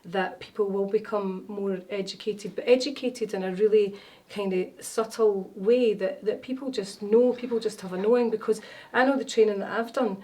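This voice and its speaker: Woman, forties, chatty storytelling, mid pitch, distant mic. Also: steady tone, normal speed, hardly any pauses, mellow. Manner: chatty, storytelling, many fillers and restarts. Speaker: wellness consultant guest. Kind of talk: casual interview chat. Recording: voice a bit far from mic.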